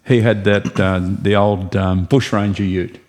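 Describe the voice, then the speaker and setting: A low-pitched Australian man in casual chat, rambling through long anecdotes with easy chuckles. His voice sits on the low side for a man and he speaks as a guest being interviewed. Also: fairly even intonation, unhurried, a little mellow. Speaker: guest, racing driver.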